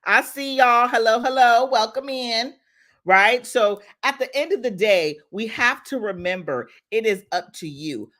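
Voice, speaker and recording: A woman talking to her live-stream viewers as a motivational coach, casual and animated, slipping into voices to act things out. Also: mid-range voice. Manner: lively, talks straight to viewers, acts out her own body parts in voices. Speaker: life coach hosting an Instagram live.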